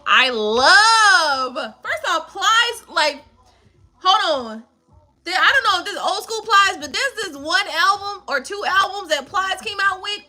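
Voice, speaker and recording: A woman's voice: very high-pitched, bright, forceful tone. A woman hosting a live stream who chats casually with viewers in a playful, laughing way and swears freely. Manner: chatty, laughing, profane and playful. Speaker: tarot reader and live stream host.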